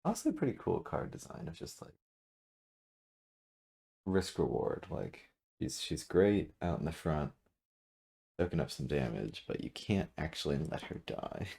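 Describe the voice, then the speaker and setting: A very low, gravelly male voice with a husky edge, muses over a strategy game at his computer. His pitch roams widely as he thinks out loud, hedging and correcting himself mid-sentence, a little back from his desk mic. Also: big pitch swings. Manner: musing, self-correcting, halting with fillers. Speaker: gameplay commentator. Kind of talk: casual game commentary. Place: room at a computer. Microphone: desk mic, sitting back from it.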